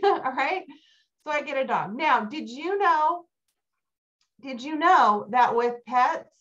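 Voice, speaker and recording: In a dull, lo-fi recording, a middle-aged keynote speaker gives a motivational talk. She tells stories energetically, her voice rising high whenever she gets excited.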